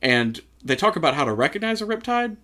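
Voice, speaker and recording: A man's voice: fairly high pitch, sing-song, fast talker, bright, forceful tone. A man co-hosting a casual podcast, rambling and laughing often as he chats. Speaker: podcast co-host. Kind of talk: casual chat.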